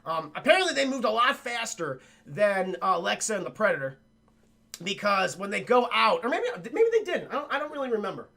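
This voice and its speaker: Young guy streamer ranting about a movie to chat, swears a lot, high raspy voice. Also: brisk. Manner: excitable, swearing, laughs often. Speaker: film review streamer. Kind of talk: casual film recap talking to live chat.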